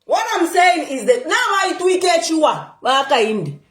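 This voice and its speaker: A young woman giving casual political commentary, animated, laughing often and switching between languages. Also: very high-pitched, moderate pace, echoey room. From Zambia.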